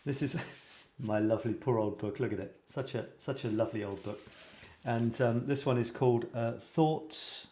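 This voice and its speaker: A chatty man hosting a relaxed chat about writing, stumbling over fillers and restarts as he goes. He reads light verse aloud with a playful lilt. His voice sits in a middle register and rings in an echoey room. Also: mid-range voice, moderate pace, a little hiss or hum. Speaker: host. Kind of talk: casual chat and reading poems aloud.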